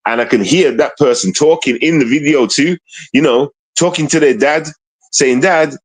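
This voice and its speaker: A man's voice: mid-range voice, normal speed, dry recording, low-quality recording. A man livestreaming in a rambling, casual way, full of street slang and constant tag questions. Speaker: streamer. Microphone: streaming mic.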